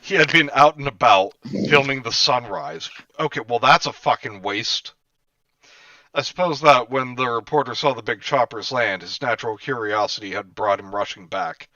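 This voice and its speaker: A man's voice: mid-range voice, moderate pace, bright, forceful tone, dry recording. A man reading a book aloud in a casual way, breaking off now and then for crude jokes. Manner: reads narration plainly, breaks off for crude jokes. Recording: dull lo-fi sound, a bit far from the mic.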